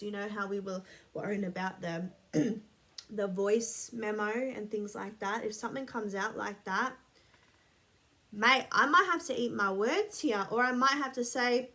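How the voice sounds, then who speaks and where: A woman's voice: medium pitch, fairly bright tone. A woman rambling casually to camera, blunt and sweary, a bit sniffly. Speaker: vlogger.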